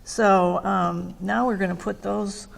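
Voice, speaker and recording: A woman's voice: mid-range voice, steady tone. A woman working as an adult literacy tutor, speaking patiently with encouraging praise and careful explanations. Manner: patient, warm praise, slow clear explanations.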